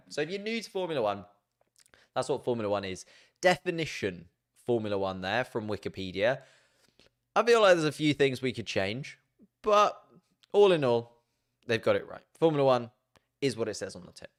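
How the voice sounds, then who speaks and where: A man hosting a casual, chatty explainer video, jokey and self-mocking as he banters. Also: mid-range voice. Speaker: YouTube host.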